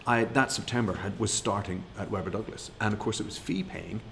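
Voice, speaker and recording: A middle-aged man tells stories in a loose, rambling way, often laughing at his own punchlines. His voice sits a little low, with faint room sound behind him. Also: brisk, vocal fry, a bit bright, slight background noise. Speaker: guest. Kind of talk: casual anecdote.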